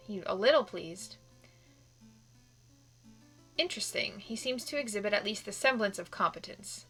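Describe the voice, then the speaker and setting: A woman's voice: medium pitch, lively intonation, moderate pace, long pauses, fairly bright tone, soft background music. A woman streaming a gameplay session, thinking aloud and reading on-screen text in a casual way.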